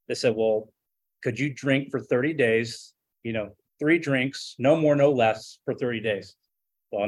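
A man telling his own recovery story in a casual, self-deprecating way, acting out the voices he quotes. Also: medium pitch. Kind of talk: personal testimony, casual storytelling.

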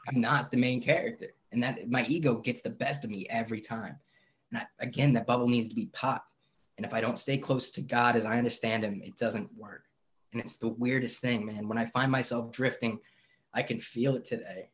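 Rambling, self-mocking man on a video call. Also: medium pitch. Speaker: speaker sharing recovery story. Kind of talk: candid personal sharing on a video call.

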